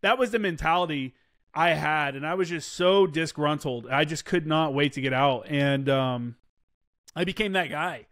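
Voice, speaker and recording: A man's voice: fairly high pitch, normal speed, a bit bright, no room sound, clean studio sound. A man in his thirties, a former Marine, telling war stories casually in an interview, swearing freely and acting out quoted dialogue. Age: 30s.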